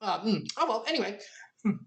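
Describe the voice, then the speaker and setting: A woman's voice: mid-range voice, very animated, a little fast, creaky. A woman hosting a game lore recap, enthusiastic and playful, often laughing at her own jokes. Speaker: video game lore channel host.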